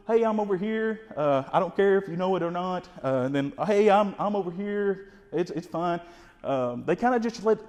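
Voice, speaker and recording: A man with a Kentucky accent, explaining turkey calling in a folksy, energetic way and imitating the birds. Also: on the high side, long reverb tail. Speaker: wildlife information specialist. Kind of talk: instructional explanation.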